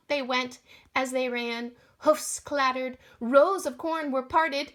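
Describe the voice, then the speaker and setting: A woman reading a children's storybook aloud in an expressive manner, voicing the sound effects along the way. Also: high voice, takes it slowly.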